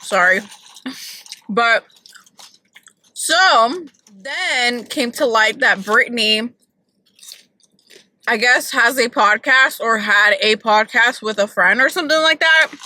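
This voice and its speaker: A woman's voice: on the high side, takes it slowly, pauses often, sharp tone, poor audio. A woman vlogging from her car, chatting casually and opinionatedly about celebrity gossip with lots of "like".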